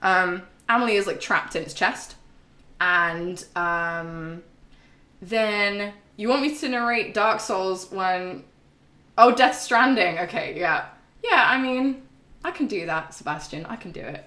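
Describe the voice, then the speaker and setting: A woman's voice: medium pitch, slow pace, pushed and bright, reverberant. A young woman streaming a game and recapping its story in a casual, chatty, sweary way. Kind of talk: casual chat.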